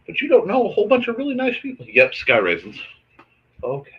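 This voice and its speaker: A man hosting a casual livestream, chatting to his audience and softly talking to his cat while he draws. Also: sits high, huge pitch swings, fast, husky, muffled recording. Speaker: host.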